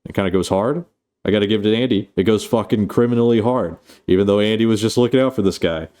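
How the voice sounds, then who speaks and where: Casual streamer, male, deep and dark-toned, loose and foul-mouthed. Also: fast talker. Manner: rambling, profane, playful. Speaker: streamer reviewing a film. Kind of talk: casual live-stream chat.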